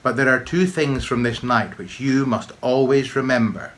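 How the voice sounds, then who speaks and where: Guy doing a big noble dragon, rumbly growly and solemn, kinda bright tone. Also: moderate pace, close to an everyday voice. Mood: warm. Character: huge old male dragon, gentle and noble.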